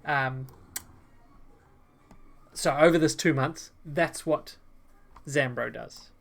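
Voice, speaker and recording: A man running a tabletop game as game master, narrating with frequent fillers and halting pauses. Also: fairly high pitch, vocal fry.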